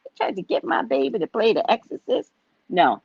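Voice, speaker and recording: Casual livestream host: a woman with a husky voice, dull lo-fi sound, profane storyteller. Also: medium pitch, big pitch swings, a little fast, a little mellow, dry recording. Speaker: psychic reader and host.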